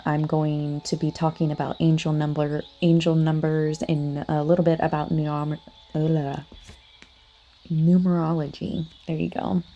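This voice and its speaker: Female podcast host, low-pitched and mellow; casual, earnest talk aimed right at the listener. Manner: chatty, full of "like" and "you know what I mean"; earnest, addresses listeners directly. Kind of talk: casual spiritual monologue.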